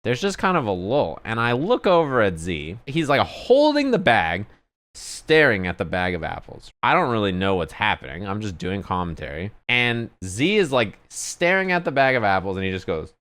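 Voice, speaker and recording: Low, smooth-voiced male streamer telling a story. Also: normal speed. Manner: animated, profane, conversational storytelling. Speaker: streamer and commentator.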